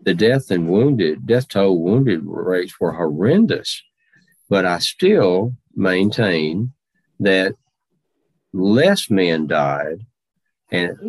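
A man's voice: deep voice, no room sound, full character voice. A man playing a stately old general-president. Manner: slow, deliberate, formal nineteenth-century phrasing. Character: aging Civil War general and president, dignified, measured. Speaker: historical reenactor in character. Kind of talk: first-person historical portrayal.

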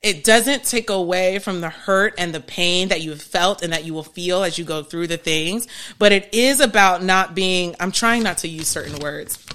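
A woman's voice: lowish voice, normal speed, fairly bright tone. A woman therapist teaching on a live stream, emphatic, often restarting sentences and laughing at herself.

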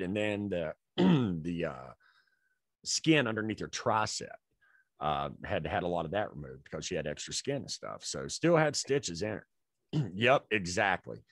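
A man with a fairly low voice co-hosts a podcast, telling a rambling, profanity-laced story in casual conversation. The sound is clean studio audio with no room noise.

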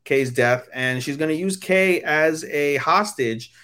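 A man's voice: a little high, measured pace, sharp tone. A man co-hosting a podcast, giving crude, rambling episode recaps full of fillers. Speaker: podcast co-host. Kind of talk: casual chat.

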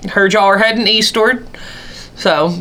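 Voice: mid-range voice, a little slow, pushed and bright. A game master voicing a welcoming, folksy male tribal king of a roaming tribe in a tabletop game.

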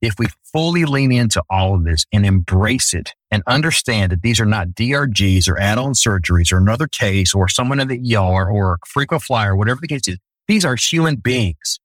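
A man's voice: lowish voice, lively intonation, brisk, hardly any pauses, dry recording, poor audio. A middle-aged man telling an earnest personal story in a conversation.

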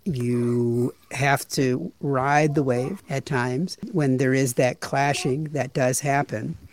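A man's voice: medium pitch, steady tone, slow, dry recording. Earnest male host, dry sound. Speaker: podcast host. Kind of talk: interview questions.

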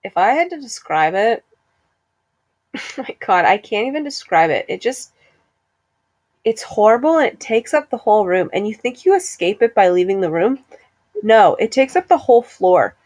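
A young woman in easy, playful conversation, laughing often as she tells stories. Her voice sits at a middling pitch and sounds close and dry, with no room around it. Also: lively intonation, moderate pace, pauses often, darkish tone, no room sound. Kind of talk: casual chat.

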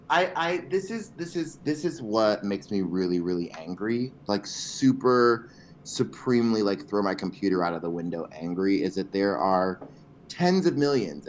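A man co-hosting a casual podcast, sassy in his reactions and quick to break into angry rants. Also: on the low side, a little hiss or hum. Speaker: podcast co-host. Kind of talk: casual chat.

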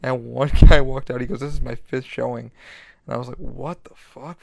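Gravelly, rambling podcast guy. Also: mid-range voice, fairly quick, no room sound. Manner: rambling, heavy swearing, excitable. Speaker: podcast host. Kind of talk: casual monologue.

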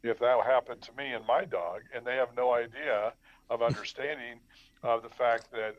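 A man's voice: mid-range voice, moderate pace. Hesitant man on a dull, lo-fi mic. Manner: hesitant, full of "you know" and restarts. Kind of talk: conversational discussion.

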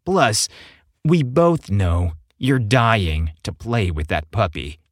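A man's voice: on the low side, lively intonation, slow pace, dry recording, studio quality. A man voicing a playful, teasing young gay man in an audio story. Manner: teasing, cajoling.

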